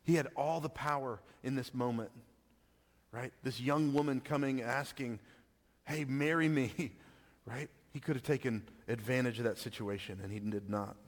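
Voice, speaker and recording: In a large hall, a man preaches with a medium-pitched voice at a moderate pace. He's a pastor who keeps things conversational, stopping frequently to ask "right?" and chuckling through his explanations.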